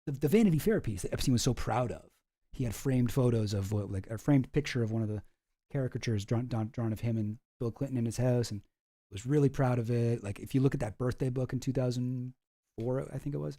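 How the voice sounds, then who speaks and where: A man's voice: medium pitch, fairly quick, mellow. A man giving casual, rambling commentary with lots of fillers, reading documents aloud as he goes.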